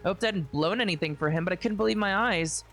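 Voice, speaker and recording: A streamer reading a visual novel aloud with expressive, swearing reactions. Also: male voice, high-pitched, fast, soft background music.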